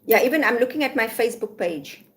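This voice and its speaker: A woman's voice: a little high, expressive, quick pace. A woman hosting a livestream from her home, blunt and irritated, talking to herself as she checks messages. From South Africa. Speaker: livestream host. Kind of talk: casual livestream talk. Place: home room in Malaysia.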